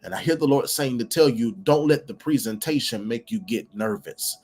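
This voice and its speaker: A man preaching prophetically on a phone livestream. He repeats his phrases in a declaring rhythm, swells to loud peaks and calls on viewers by name. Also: medium pitch, moderate pace, slightly rough.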